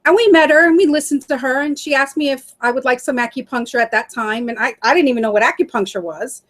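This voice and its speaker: Speaking high and fast, a middle-aged woman shares her story as a guest in an interview. She's animated, laughing often while she acts out what other people said.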